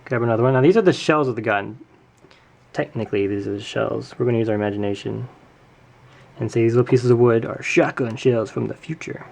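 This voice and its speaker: This tutorial host, a chatty man, talks through a craft build with plenty of small asides and self-corrections. His mid-pitched voice is gravelly with a fry edge, fairly quick and a little mellow. It sounds like a camera mic at a home work table.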